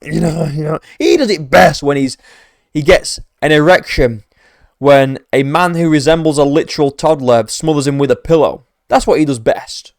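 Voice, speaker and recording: A man's voice: on the high side, moderate pace, vocal fry, dry recording, studio quality. A man giving profane, mocking reaction commentary as an MMA commentator, ranting sarcastically.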